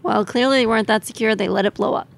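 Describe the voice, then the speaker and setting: A woman's voice: a little high, fast talker, gravelly. Dry-humored woman co-hosting a podcast. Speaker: podcast co-host. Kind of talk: casual chat.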